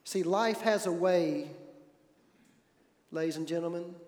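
A man preaching a sermon, telling a personal story, swinging from loud emphatic stretches to hushed ones. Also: a little high, a little slow, echoey room, in a large hall. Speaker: pastor.

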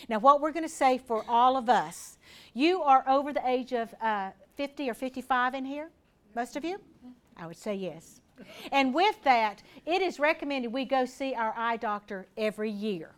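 An older woman gives a relaxed talk on health to a group of listeners. Her voice sits a little high, and she keeps it chatty, stopping now and then to ask the room a question. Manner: folksy and conversational, asks the audience questions. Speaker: health educator speaking to a seniors group. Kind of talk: informal health talk to a live audience.

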